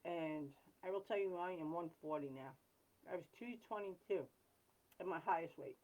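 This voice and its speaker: A woman hosting a live chat, talking in an earnest, rambling way with frequent pauses and apologies. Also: fairly low pitch, a little mellow, rough recording. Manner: blunt and self-deprecating. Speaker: livestream host.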